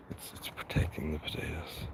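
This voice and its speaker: A man with an Irish accent hosting a casual live gardening walkthrough, soft-spoken and mumbly, often half-whispering to his plants and insects. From Ireland. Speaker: gardening livestream host. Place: outdoor vegetable garden. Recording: noisy outdoor livestream audio.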